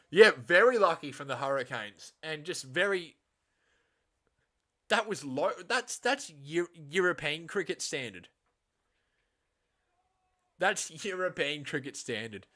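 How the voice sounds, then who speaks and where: A man hosting a casual live reaction stream of a match, swinging from quiet muttering to loud, exasperated outbursts and swearing bluntly. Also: a little high.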